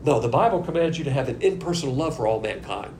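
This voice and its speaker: A man's voice: medium pitch, animated, quick pace, darkish tone. A man teaching a sermon-style Bible lesson at a board, folksy and conversational with slangy asides. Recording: echoey room with faint noise.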